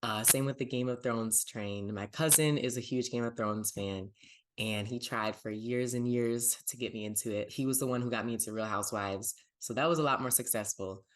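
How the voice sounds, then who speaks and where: A man's voice: medium pitch, moderate pace. A man hosting a pop culture podcast, chatting upbeat and casual about TV and plugging his pages. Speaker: podcast host.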